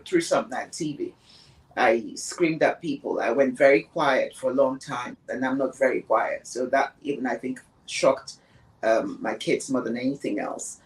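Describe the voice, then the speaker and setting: A woman's voice: rumbling low, moderate pace, distant mic, low-quality recording. A woman guest on a podcast, talking earnestly and emphatically about grief, repeating words for stress. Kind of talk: reflective conversation on grief.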